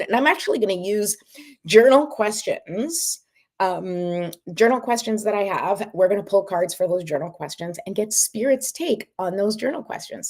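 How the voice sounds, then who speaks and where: A woman hosts a casual livestream in a medium-pitched voice with a darkish tone. She chats with her viewers and encouragingly leads them through a guided breathing ritual.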